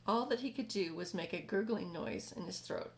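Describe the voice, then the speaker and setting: A woman reading a children's book aloud in a community hall, steady with small slips and self-corrections. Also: medium pitch, moderate pace, vocal fry. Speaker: reader.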